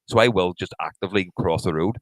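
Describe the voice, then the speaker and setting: Low-voiced man telling stories. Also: fast talker, no echo, low-quality recording. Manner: storytelling, sweary, teasing. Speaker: podcast co-host. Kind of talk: casual chat.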